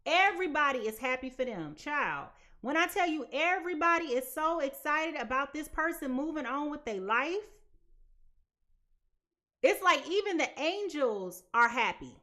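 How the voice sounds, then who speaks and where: A young adult woman talks through a live tarot reading to her viewers. Her voice sits high and swings widely in pitch, and she keeps it chatty and animated, acting out quoted voices along the way. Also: moderate pace. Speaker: tarot reader.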